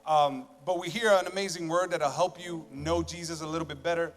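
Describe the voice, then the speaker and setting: A male pastor preaching a sermon on a church stage, conversational and joking, swinging between loud emphasis and quiet asides. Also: on the high side, steady tone, brisk. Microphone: stage microphone with monitors. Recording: long church hall reverb, faint music.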